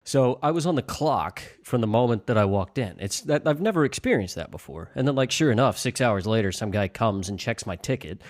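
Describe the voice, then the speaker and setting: A man co-hosting a casual podcast over a remote call, telling stories in an animated, exasperated way. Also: medium pitch, brisk, hardly any pauses, no room sound, studio quality. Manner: animated, storytelling, exasperated rants. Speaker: podcast co-host.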